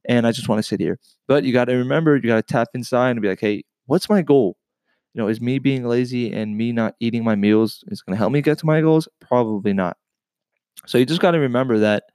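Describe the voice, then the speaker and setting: A weight loss vlogger speaks straight to camera in a motivational talk, earnestly encouraging viewers about losing weight and repeating his points. His medium-pitched voice has a darkish tone, moves a little fast, and is dryly recorded.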